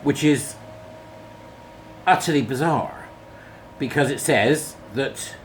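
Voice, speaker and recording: A man's voice: mid-range voice, takes it slowly, pauses often, slight background noise. Sarcastic man ranting to camera. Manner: sarcastic, exasperated, laughs at himself. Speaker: commentary channel host. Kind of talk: casual ranting commentary.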